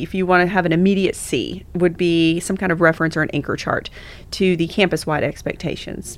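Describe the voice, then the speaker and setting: A woman guest, a school improvement coordinator, explaining her views in a measured way. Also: on the low side. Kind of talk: conversational interview.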